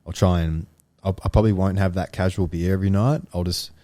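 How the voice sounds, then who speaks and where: Aussie podcast co-host, mellow, relaxed storyteller, casual and sweary. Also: male voice, low-pitched, no room sound. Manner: storytelling, swears freely, quick asides. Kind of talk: casual chat.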